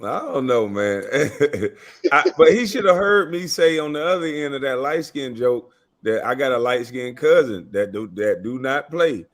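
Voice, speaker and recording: A man hosting a casual chat, telling stories in a relaxed way. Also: mid-range voice, unhurried. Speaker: host.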